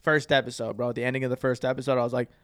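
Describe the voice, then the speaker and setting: A young man co-hosting a podcast, chatting casually and excitedly, swearing often. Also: mid-range voice, rapid-fire. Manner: excited, swears, restarts a lot. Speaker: podcast co-host. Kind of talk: casual chat.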